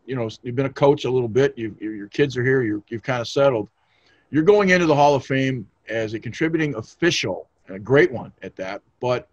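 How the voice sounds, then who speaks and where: A man's voice: medium pitch, no room sound. A man hosting a casual interview, chatty and rambling with restarts. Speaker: interviewer, host. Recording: dull, dry lo-fi sound.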